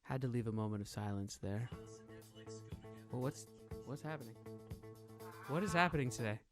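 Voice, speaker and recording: A man hosting a radio talk show, bantering casually and rambling in an animated, teasing way. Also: medium pitch, moderate pace, music in the background.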